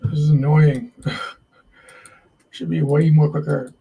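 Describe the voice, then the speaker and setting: Husky man grumbling through live trading. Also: fairly high pitch, steady tone, slow, warm tone, low-quality recording. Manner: frustrated, swearing, talking to himself while trading. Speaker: day trading stream host. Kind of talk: live trading stream commentary.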